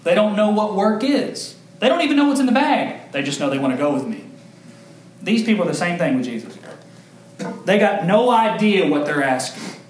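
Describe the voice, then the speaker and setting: A young adult man preaching a sermon as pastor, earnest and emphatic, telling stories with lively acted quotes. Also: moderate pace. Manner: animated storytelling with acted quotes, big pitch jumps. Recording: echoey room with faint ambient noise.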